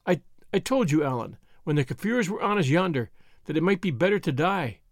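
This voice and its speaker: A man reading an audiobook, voicing an earnest young woman who speaks softly and solemnly. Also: fairly high pitch, sing-song, fairly quick, no room sound, studio quality. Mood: tender, sorrowful. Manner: soft and solemn.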